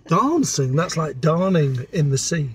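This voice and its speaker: A man's voice: a little high, animated, normal speed, creaky, distant mic. An older man from Leeds who speaks with a posh English accent, chatting with dry, teasing humour. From Leeds, England. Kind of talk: casual chat.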